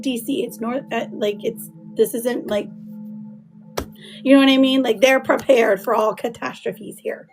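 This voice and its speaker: Hoarse woman chatting on a live tarot stream, kinda high voice, faint music behind. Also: a little mellow. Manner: chatty, greets viewers by name, laughs often. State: hoarse from laryngitis. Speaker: tarot reader hosting a livestream. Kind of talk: casual livestream chat.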